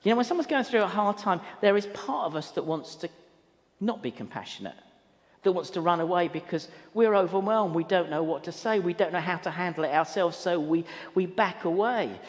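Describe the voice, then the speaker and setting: A man's voice: high-pitched, expressive, fairly quick. A man preaching a sermon in a church hall, telling a story earnestly and often repeating words as he goes. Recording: long hall reverb.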